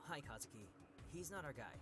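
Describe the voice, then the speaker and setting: A man's voice: a little high, animated, a little fast, a bit bright. A man voicing a thoughtful young male detective colleague in a visual novel, reporting in a matter-of-fact way.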